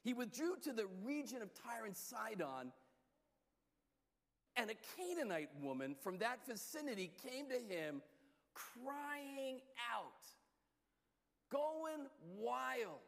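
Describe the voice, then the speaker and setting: A man preaching a sermon and telling stories, with lively shifts between soft and loud delivery. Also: slow, long reverb tail. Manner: storytelling, lively shifts in pitch and loudness. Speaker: pastor.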